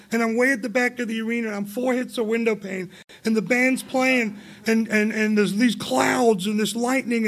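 A man's voice: very high-pitched, fairly bright tone. A man in his forties from England, telling his personal recovery story to a meeting in a candid, rambling way, laughing often and swinging into emphatic outbursts.

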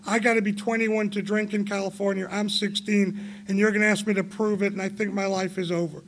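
A high-voiced man in his forties, originally from England, shares his recovery story before a meeting. His telling is candid and rambling, full of laughs and sudden emphatic swings. His tone sits noticeably high for a man. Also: level tone, brisk, fairly bright tone.

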